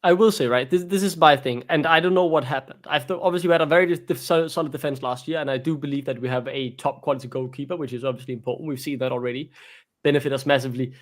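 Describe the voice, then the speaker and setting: A man's voice: mid-range voice, steady tone, rapid-fire. A man co-hosting a fan podcast, talking with passion about his team's defenders and repeating points emphatically. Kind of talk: casual football fan chat.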